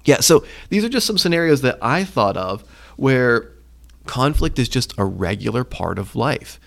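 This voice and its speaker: A man co-hosting a casual faith podcast, retelling stories with lively acted-out quotes. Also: mid-range voice, moderate pace, gravelly. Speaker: podcast co-host.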